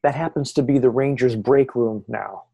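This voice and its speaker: A man who is a guest on a podcast, telling stories in an animated, excited way. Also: mid-range voice, normal speed, vocal fry, husky, muffled recording. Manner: excited, lively retelling. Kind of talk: animated storytelling.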